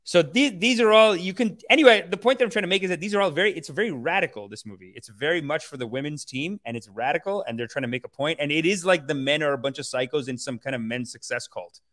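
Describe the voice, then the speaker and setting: A man hosting a podcast, chatting casually and reacting to a film trailer in an animated, profane, rambling way. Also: fairly high pitch, fast talker, few pauses. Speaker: podcast host.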